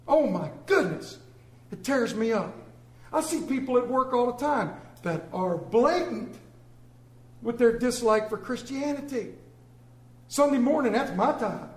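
A man's voice: very high voice, a little mellow. A man preaching a sermon, telling folksy, exaggerated stories in a church. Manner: folksy storytelling with comic exaggeration. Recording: echoey room.

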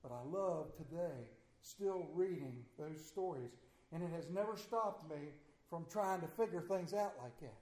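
High-voiced folksy pastor in echoey church. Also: male voice, unhurried, a little mellow. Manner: folksy storytelling with emphatic swings. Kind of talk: sermon. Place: church sanctuary.

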